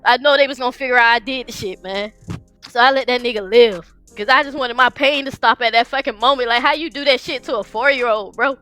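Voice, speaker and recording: High bright-voiced woman in a crying rant. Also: fast talker, faint music behind. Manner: crying, swearing, raw. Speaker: live streamer. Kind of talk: emotional livestream rant.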